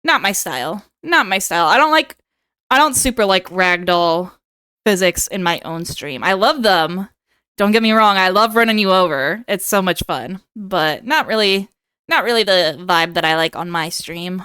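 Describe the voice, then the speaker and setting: A woman's voice: on the low side, expressive, moderate pace, bright, forceful tone, clear, resonant tone, no echo, clean studio sound. A young woman streamer chatting casually with her viewers, playful and given to dramatic bits.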